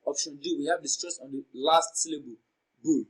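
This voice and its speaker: A man from Nigeria teaching an exam prep lesson, reading out options and slowly repeating words to show their sounds and stress. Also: a little high, breathy edge, low-quality recording. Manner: slow, deliberate, repeats words for pronunciation drills.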